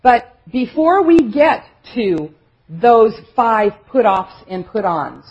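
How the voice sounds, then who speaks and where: A woman's voice: on the high side, sing-song, slow pace, slightly rough. A woman giving an earnest, emphatic teaching talk at a conference, repeating phrases for effect. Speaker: conference speaker. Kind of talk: sermon-style teaching talk. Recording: dull, lo-fi recording.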